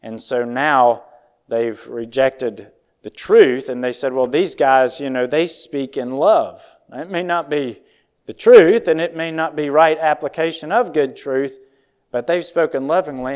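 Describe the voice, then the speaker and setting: A man preaching a sermon in an earnest, measured way, reading scripture verses aloud and closing in a soft-spoken prayer. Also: a little high. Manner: earnest, reads scripture aloud in measured old-style phrasing.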